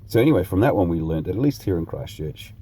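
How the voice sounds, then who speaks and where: Fast, deep-voiced New Zealand man. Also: expressive, warm tone, slightly rough. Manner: blunt and sweary, laid-back slang. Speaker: vlogger. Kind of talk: casual ranting vlog.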